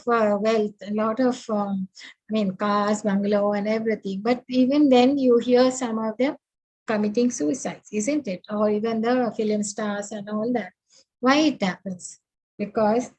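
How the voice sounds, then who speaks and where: A woman teaching an online scripture class over a video call, unhurried and full of fillers as she walks through her slides. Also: on the high side, a little mellow, low-quality recording. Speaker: spiritual teacher.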